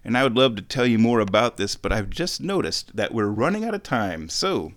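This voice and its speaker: A man's voice: medium pitch, very animated, a little fast, hardly any pauses, a bit bright. A man hosting a radio show, talking casually on his own in a rambling, easygoing, chatty way. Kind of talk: casual solo radio talk.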